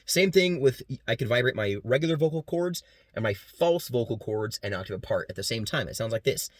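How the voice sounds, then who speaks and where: With lively intonation at medium pitch, a student presents to his class in clean studio sound with no room sound. He explains vocal sounds casually and quickly, slipping beatbox demos in between sentences.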